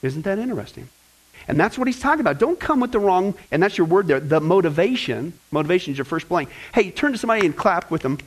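Give me a high-pitched male pastor giving a lively, joking sermon. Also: quick pace, low-quality recording. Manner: lively, joking, talks directly to the congregation. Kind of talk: sermon with fill-in-the-blank notes.

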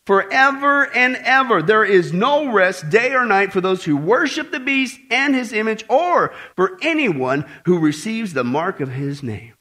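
A man preaching a sermon to a congregation, emphatic and animated, with joking asides and repeated warnings. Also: high-pitched, measured pace, hardly any pauses.

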